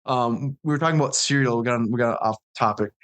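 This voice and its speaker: A man's voice: medium pitch, quick pace, a bit bright. A man from Minnesota with a Minnesotan accent, hosting a podcast in upbeat casual chat, asking questions and laughing easily. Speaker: podcast host.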